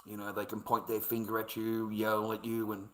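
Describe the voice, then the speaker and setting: A man's voice: fairly low pitch, monotone, normal speed, roomy sound, rough recording. An older Australian man ranting in an aggrieved, swearing, repetitive vlog monologue.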